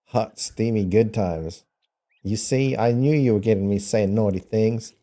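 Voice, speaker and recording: A man's voice: on the low side, mellow. A man with a New Zealand accent chatting casually with viewers, playfully sounding out foreign words and laughing often. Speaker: streamer.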